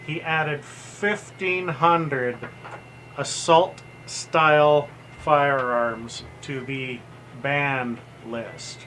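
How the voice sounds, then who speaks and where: Slow-talking man with a higher voice. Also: fairly even intonation, sharp tone, slight background noise, poor audio. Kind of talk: casual chat.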